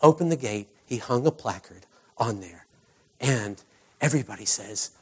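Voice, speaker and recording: An American man preaching a conversational sermon, telling stories and acting out the people in them with lively, animated delivery. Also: medium pitch, moderate pace, slightly rough. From United States. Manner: animated storyteller who voices characters. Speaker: pastor.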